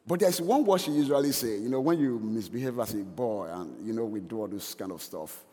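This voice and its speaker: A man's voice: on the low side, expressive, fairly quick, dark tone, long reverb tail. A male preacher giving a sermon in an earnest, stop-start way, with frequent restarts.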